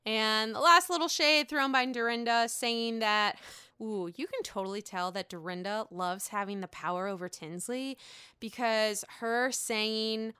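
A woman's voice: fairly high pitch, a little slow, pushed and bright, clear, resonant tone, no room sound, clean studio sound. A woman hosting her own podcast alone, recapping in a gossipy, playful and profane way. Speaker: podcast host. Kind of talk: casual solo podcast recap.

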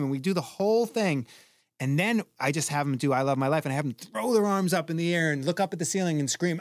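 A man's voice: on the high side, very fast, no room sound, studio quality. A man from Boston who teaches breathwork, talking casually and acting out his classes with energy. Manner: animated, acts out his classes loudly. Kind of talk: casual podcast conversation.

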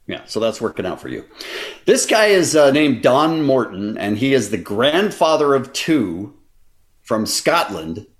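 Sarcastic man with a very lively pitch. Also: a little slow. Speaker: host. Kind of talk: casual podcast chat.

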